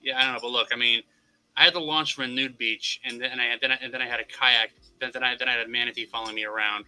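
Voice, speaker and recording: A man's voice: medium pitch, steady tone, fast, sharp tone, smooth, soft background music, low-quality recording. A man telling a long story in a casual podcast chat, rambling and swearing, restarting his sentences again and again. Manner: rambling, lots of repeated restarts, wry and profane. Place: Florida.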